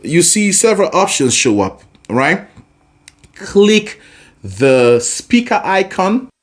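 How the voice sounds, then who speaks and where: A man's voice: high-pitched, very animated, slow. A man teaching a singing lesson, explaining patiently and breaking into sung examples. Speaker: vocal coach.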